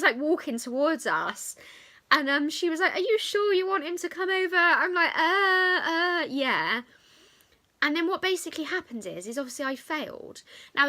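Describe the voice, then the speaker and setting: A young woman, telling a chatty storytime to camera with lots of fillers. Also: a little high. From England. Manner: chatty, animated retelling with many fillers. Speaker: vlogger. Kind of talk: storytime vlog.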